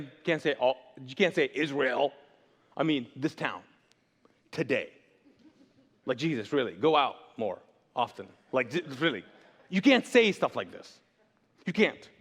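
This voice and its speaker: A pastor preaching a sermon in a church, animated and jokey, often asking the audience to fill in words. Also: male voice, a little high, normal speed, long pauses. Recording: long church reverb.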